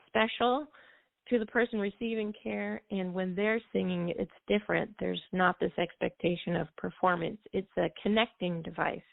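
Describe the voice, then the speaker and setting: A woman's voice: mid-range voice, creaky, no echo. A woman music therapist explaining things at length in easy flowing talk, with a few fillers, as a guest on a call-in show. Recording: dry phone line.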